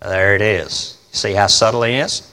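A man preaching a sermon in a folksy, emphatic way, often asking his congregation questions and swinging between loud and quiet delivery. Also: fairly low pitch, fairly even intonation, moderate pace. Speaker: pastor. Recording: long reverb of a large hall.

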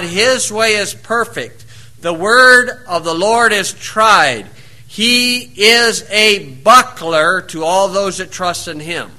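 Bright-voiced folksy man preaching. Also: high-pitched. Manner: reads scripture slowly, then drifts into plain-spoken anecdotes. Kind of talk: folksy sermon.

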